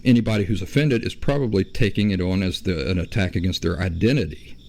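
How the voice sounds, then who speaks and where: A man talks alone on his own podcast, working through his points slowly and correcting himself as he goes. His voice sits fairly low and has a gravelly, fried edge. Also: darkish tone, slight background noise. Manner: measured, explaining, self-correcting. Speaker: podcast host. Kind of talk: solo podcast monologue.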